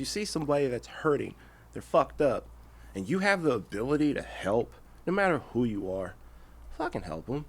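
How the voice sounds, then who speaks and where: A man in his thirties, a podcast guest, speaking bluntly and profanely and acting out short animal fables. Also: a little high. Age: 30s. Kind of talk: casual interview.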